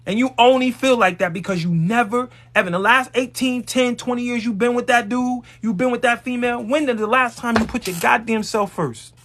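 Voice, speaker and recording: Male live-stream host with a high voice, emphatic motivational preacher, swears freely. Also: a little fast, few pauses, fairly bright tone. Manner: emphatic, preachy, blunt with profanity; addresses viewers directly.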